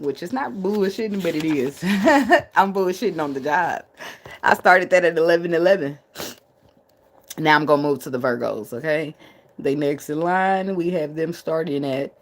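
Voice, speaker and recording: A woman's voice: sits low, background noise. A woman giving a casual livestream tarot reading, blunt and profane, often breaking into laughs. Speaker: tarot reader.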